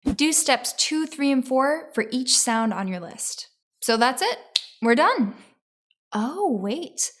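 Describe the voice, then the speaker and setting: A woman giving a scripted pronunciation lesson, explaining step by step in a clear, encouraging way. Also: high-pitched, expressive, takes it slowly, fairly bright tone. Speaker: English teacher.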